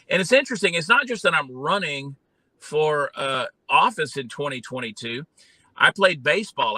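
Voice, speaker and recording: Southern guy being interviewed, folksy and animated, really bright voice, dry sound. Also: medium pitch, no echo, rough recording. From Georgia, US. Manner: folksy, animated storytelling with many fillers. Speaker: guest, comedian and candidate. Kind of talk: casual interview talk.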